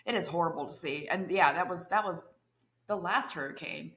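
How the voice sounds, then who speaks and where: A woman's voice: lowish voice, brisk, fairly bright tone. Giggly, teasing woman co-host. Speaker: podcast co-host. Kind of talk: casual chat.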